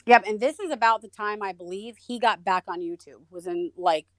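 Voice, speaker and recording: A woman guest in an interview, telling her own story in a lively way and acting out the voices of people she quotes. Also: mid-range voice, fairly quick, dry recording. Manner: animated, acts out quoted voices. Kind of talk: conversational storytelling.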